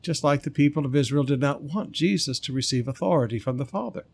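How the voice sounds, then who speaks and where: Brief: male preacher, slightly high voice, punches and stretches key words. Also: fast, gravelly, darkish tone, breathy edge. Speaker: pastor. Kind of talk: sermon.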